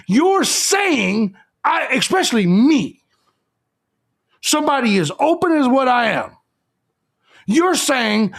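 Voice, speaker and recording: A man's voice: extremely high pitch, very animated, slow pace, creaky. A man hosting a live stream, ranting crudely and combatively as he lectures his audience. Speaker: live show host.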